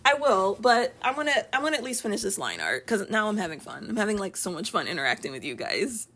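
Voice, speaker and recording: A woman's voice: medium pitch, sing-song, normal speed, a bit bright. A young woman chatting casually while she draws on a live stream at home, rambling and laughing often. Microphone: streaming from an iPad.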